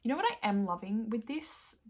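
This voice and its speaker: Breathy, gushing young woman book vlogger. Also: on the high side, sing-song, brisk. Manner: chatty and gushing, drifting into soft whispers. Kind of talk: casual reading vlog chat.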